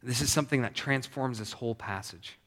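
A man preaches to his congregation in a loose, talky way, often restarting and repeating phrases for emphasis. His voice sits at an ordinary male pitch. It rings out with the long reverb of a large hall. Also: fairly quick. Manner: conversational, animated preaching with repetitions. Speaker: pastor. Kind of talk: sermon.

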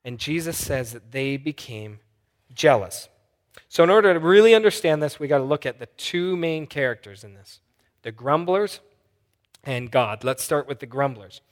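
A male pastor preaches in a big hall, and the long reverb trails after his words. His voice sits a little high as he tells the story with animation and acts out each person in it. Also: animated, moderate pace. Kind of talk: sermon.

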